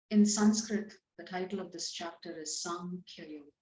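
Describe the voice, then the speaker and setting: In a dark, lowish voice at normal speed, a woman gives a conversational scripture talk, rewording verses into everyday speech. The recording is roomy and slightly dull.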